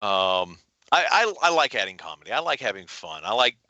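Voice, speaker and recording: A middle-aged man, talking as a guest on a video call. His voice is bright and forceful, his pitch swings widely as he tells stories, and the sound is close and dry. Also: dry recording, muffled recording. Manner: animated storyteller, folksy, quick jumps into voices. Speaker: author guest. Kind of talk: casual interview chat.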